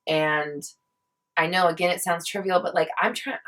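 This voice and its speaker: A woman's voice: on the low side, normal speed, fairly bright tone. A young woman venting in a casual vlog, heated and swearing often as she rants. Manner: heated, swears a lot, ranting. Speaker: vlogger.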